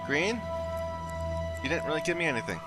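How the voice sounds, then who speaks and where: A man's voice: fairly low pitch, sing-song, moderate pace. Rambling man commenting on a game. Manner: rambling, searching for words. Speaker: gaming video host. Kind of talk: casual gameplay commentary. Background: game music and audio.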